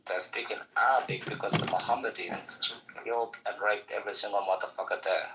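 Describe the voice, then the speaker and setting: A man's voice: fairly low pitch, fairly even intonation, fairly quick, background noise. A man arguing bluntly and insistently as a debate panelist, swearing freely. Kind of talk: heated debate.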